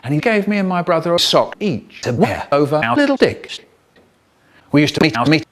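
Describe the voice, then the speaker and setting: Animated man telling stories. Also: on the high side, brisk. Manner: animated, playful, exaggerated voices and swoops. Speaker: children's storyteller. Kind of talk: comic storytelling, spliced edit.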